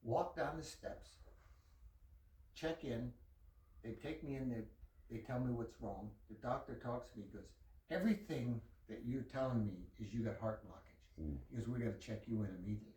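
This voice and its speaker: A man telling a profane, animated story full of quoted dialogue in a casual chat with a friend. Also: mid-range voice, normal speed, roomy sound, recorded from a distance, poor audio. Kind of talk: casual anecdote told to a friend.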